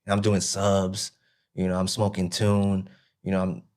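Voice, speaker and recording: A man recounts his own hard past as an interview guest. His voice sits low and barely moves in pitch, and his telling is halting, looping back with "you know what I mean". It sounds like a relaxed personal testimony.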